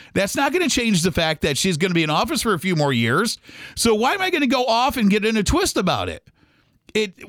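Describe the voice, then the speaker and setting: Fired-up middle-aged male podcaster, high, lively delivery, dry close sound. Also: no echo. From Michigan, USA. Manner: emphatic and ranting, mimics other people's complaints. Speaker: podcast host. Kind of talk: opinionated solo podcast rant.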